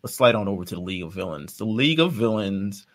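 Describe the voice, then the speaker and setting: A man's voice: fairly low pitch, expressive, fast. A man co-hosting a podcast, chatting casually, rambling, laughing often and swearing. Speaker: podcast co-host. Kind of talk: casual chat.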